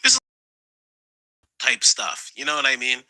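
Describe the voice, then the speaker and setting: Brief: lively male commentator, very bright husky voice, slips into mocking impressions. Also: medium pitch, unhurried, no echo, poor audio. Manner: animated, laughing, mocking. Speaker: online commentator.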